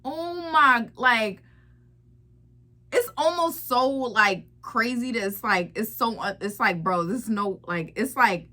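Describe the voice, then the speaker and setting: A woman's voice: a little high, slow pace, sharp tone. A woman giving reaction commentary, incredulous and repeating herself as she talks it through. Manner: incredulous, repetitive, laughing asides.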